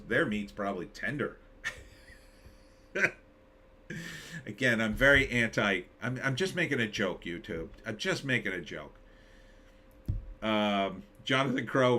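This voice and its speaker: A man's voice: medium pitch, bright, forceful tone. A man hosting a casual live stream, reading chat and joking sarcastically. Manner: sarcastic, jokey, mocking impressions.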